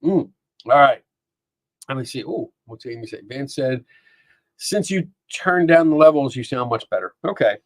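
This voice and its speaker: A man's voice: mid-range voice, animated, normal speed, no echo. A man hosting a live stream from a home studio, chatting casually and reading comments aloud, often laughing and rambling. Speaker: podcast host. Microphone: dynamic microphone.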